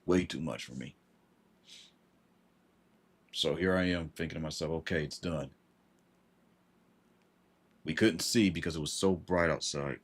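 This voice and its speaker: Man, extremely low voice, husky, halting and repetitive, frustrated personal story. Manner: halting, repeats words, emotional and frustrated. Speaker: vlogger.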